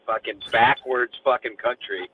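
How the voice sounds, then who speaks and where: A man's voice: mid-range voice, steady tone, unhurried, husky. A brash man calling into a crude podcast chat, swearing bluntly. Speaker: caller. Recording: tinny phone line with faint noise.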